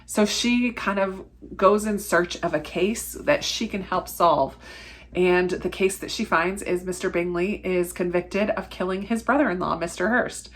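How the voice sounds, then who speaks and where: A woman's voice: on the low side, unhurried. A woman talking casually about books she has read, candid and chatty, laughing often and trailing off mid-thought. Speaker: book reviewer. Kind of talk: casual book review vlog.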